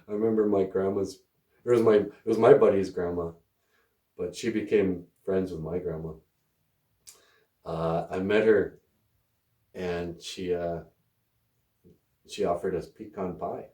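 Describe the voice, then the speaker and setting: Slow, laughing man telling stories. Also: low voice, dark tone, roomy sound. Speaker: host of language podcast. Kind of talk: casual storytelling lesson.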